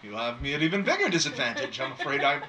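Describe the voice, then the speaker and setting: A man voicing a friendly, effusive tiefling ferry owner who flatters everyone he meets. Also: mid-range voice, quick pace, very noisy, close to an everyday voice. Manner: flattering, talkative, self-deprecating.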